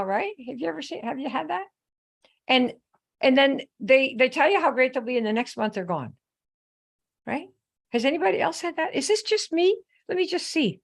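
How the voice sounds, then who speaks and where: A woman hosting a live coaching session, telling a story in a chatty, animated way and turning to viewers with questions. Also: sits high, moderate pace, creaky. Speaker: host. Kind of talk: live online coaching talk.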